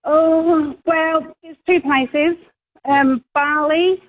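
High-voiced woman caller on a tinny phone line. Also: steady tone, drawn-out words.

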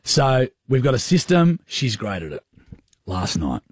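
A man's voice: mid-range voice, sing-song, measured pace, breathy edge, no room sound, studio quality. An Australian man in his thirties co-hosting a radio show, telling a story with a chatty, slangy manner. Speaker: radio co-host. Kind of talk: casual radio banter.

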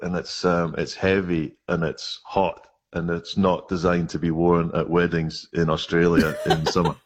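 A Scottish man with a very low, husky voice tells a story on a radio show. He talks casually and laughs at his own tale. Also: little pitch movement, a little slow. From Scotland. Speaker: guest.

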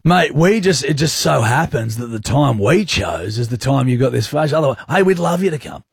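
An Australian man hosts a radio show, his husky voice swooping up and down as he teases and jokes. He sounds cheeky and mocking. The studio sound is dry and close. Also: medium pitch, very animated, fairly quick, no echo. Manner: cheeky, mocking, laughs often. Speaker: radio host. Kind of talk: teasing banter on breakfast radio.

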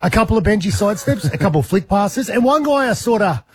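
Australian man, radio co-host, husky, a bit high, dry sound, rambling storyteller. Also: sing-song, quick pace, no room sound. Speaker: radio co-host reporting from abroad. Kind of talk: casual breakfast radio banter.

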